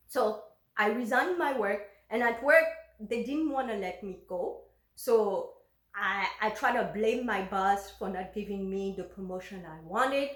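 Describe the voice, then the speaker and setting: A vlogger tells a personal story candidly and confessionally, often breaking off mid-sentence. Her medium-pitched voice is unhurried and a bit bright, with a reverberant sound.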